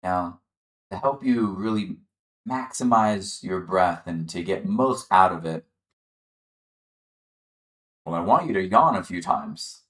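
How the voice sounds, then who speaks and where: A man leading a chair yoga class, calmly guiding the listener through breathing and gentle movement. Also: low-pitched, slow, long pauses, reverberant. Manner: calm, encouraging, guiding the breath step by step. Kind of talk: guided exercise instruction.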